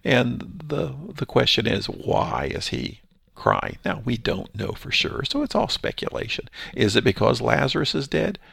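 A man reading Bible verses aloud and explaining them in a relaxed, thinking-aloud teaching style. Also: medium pitch, unhurried, creaky, breathy edge, no echo, studio quality. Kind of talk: Bible study commentary.

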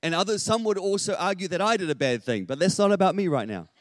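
A middle-aged man, preaching a sermon and telling a family story with lively acted-out quotes. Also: sits high, quick pace, no echo. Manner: animated, acts out quotes with rising volume. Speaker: pastor.

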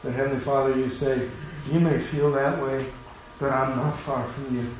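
A man preaching a sermon as pastor and leading a prayer, earnest and pleading, often dropping to a quiet hush. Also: mid-range voice, little pitch movement, normal speed, a little hiss or hum. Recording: very echoey room with faint ambience.

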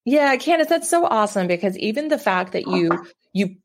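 A woman's voice: medium pitch, sing-song, brisk. A woman co-hosting a casual group chat, encouraging the others and asking follow-up questions.

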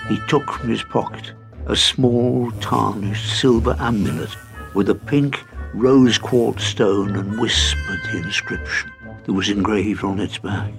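A man narrating a children's fantasy storybook in an expressive, animated way. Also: lowish voice, unhurried, vocal fry, music in the background.

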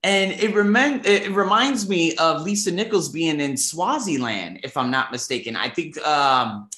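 A man in his thirties reviewing his month in a vlog, emphatic and animated, swearing casually and acting out conversations. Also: a little high, unhurried, echoey room. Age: 30s. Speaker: vlogger.

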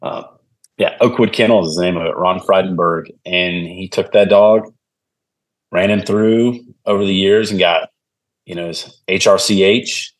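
A man's voice: low-pitched, unhurried. A man, a podcast guest, telling stories in a casual chat and acting out the voices of people he quotes. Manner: animated, acts out quoted voices.

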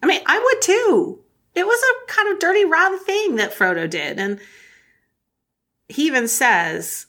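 A woman co-hosting a casual book discussion, animated, reading passages aloud between comments. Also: a little high, unhurried. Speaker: podcast co-host.

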